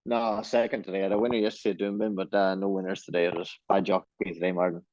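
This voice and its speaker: A man's voice: sits low, level tone, very fast, a little mellow, no room sound, muffled recording. A man with a Donegal Irish accent, a jockey talking casually in a remote interview, easygoing and self-deprecating, often restarting his sentences.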